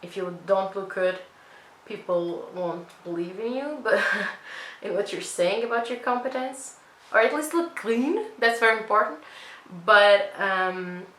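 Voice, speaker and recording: In this casual makeup tutorial, a young female vlogger rambles chattily and mocks herself as she applies her makeup. She speaks unhurriedly at a medium pitch with a slightly bright tone, and the poor-quality audio is reverberant.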